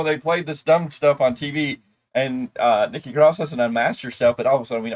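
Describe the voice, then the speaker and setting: A man's voice: medium pitch, brisk. A man co-hosting a wrestling review show, recapping the episode in a rambling, casual way with loose asides.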